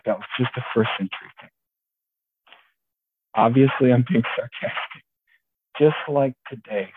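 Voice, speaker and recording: Wry, animated man preaching over phone-like sound. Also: medium pitch. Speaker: pastor. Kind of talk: sermon storytelling. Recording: tinny phone-like sound, faint hiss.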